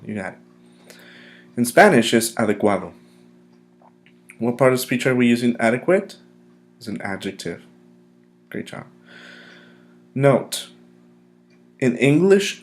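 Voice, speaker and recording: A man teaching a recorded English vocabulary lesson, drilling pronunciation with clear, emphatic repetition. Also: mid-range voice.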